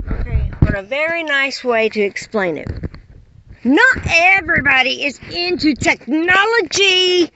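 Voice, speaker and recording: A woman's voice: high voice, a bit bright, dull audio, a little hiss or hum. A woman delivering an impassioned, exasperated monologue full of rhetorical questions. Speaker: caller addressing unseen listeners.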